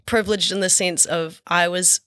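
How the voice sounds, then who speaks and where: Young New Zealand woman, low and chatty. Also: fairly even intonation, normal speed, a bit bright, no echo, studio quality. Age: young adult. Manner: chatty, laughs easily, many fillers. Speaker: actress guest. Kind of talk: casual podcast interview.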